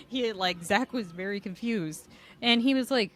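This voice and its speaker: A woman's voice: medium pitch, normal speed. A young woman co-hosting a podcast, chatting candidly and laughing often. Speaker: podcast co-host. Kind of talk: casual chat.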